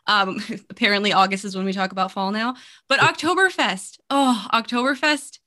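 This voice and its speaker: A woman's voice: medium pitch, normal speed, pushed and bright. A woman co-hosting a casual podcast, bubbly and chatty, talking over a remote call mic. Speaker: co-host.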